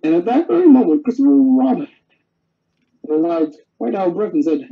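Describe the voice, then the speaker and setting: A man reading a children's storybook aloud, gentle and expressive. His voice rises and falls in a lively way. The sound is dull and lo-fi, like a home recording. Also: sits high, normal speed, vocal fry. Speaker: story reader.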